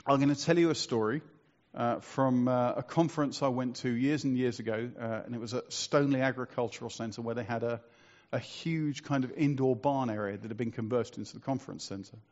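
A man's voice: medium pitch, fairly quick, darkish tone, lo-fi sound. A man preaching a sermon in a conversational, storytelling way, asking rhetorical questions.

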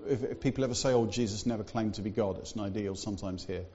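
A man preaching in a church with a mellow, dark voice, easygoing and conversational, full of little asides. The sound is a bit dull and lo-fi. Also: lowish voice, quick pace. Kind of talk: sermon.

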